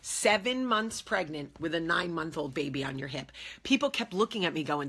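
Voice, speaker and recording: A woman hosting her own show, telling a personal story in a candid, animated, emphatic way, acting out what people said. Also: sits low, a little fast, slightly rough. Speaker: show host.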